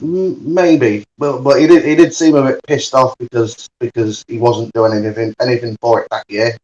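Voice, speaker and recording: A man chatting casually on a podcast, talking haltingly and repeating words as he goes. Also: mid-range voice, fairly even intonation, a little mellow, lo-fi sound.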